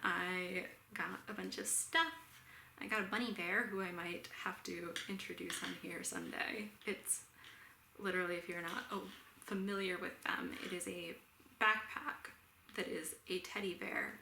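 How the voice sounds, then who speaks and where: A young woman talks in a relaxed, rambling way, scattering fillers and quick laughs through her story. Her voice is bright and forward. The room gives it a noticeable echo over a faint background hiss. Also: lowish voice, gravelly. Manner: chatty, laughs often, many "like" fillers. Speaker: knitting vlogger. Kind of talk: casual storytelling chat. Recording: roomy echo, faint ambient noise.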